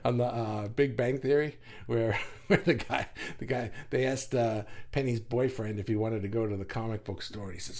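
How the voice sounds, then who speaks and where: A middle-aged man from New York hosting a livestream in a fast, rambling and animated way, reading viewer comments aloud. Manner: fast, animated and rambling, with big pitch jumps. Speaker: group host reading comments. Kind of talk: casual livestream chat.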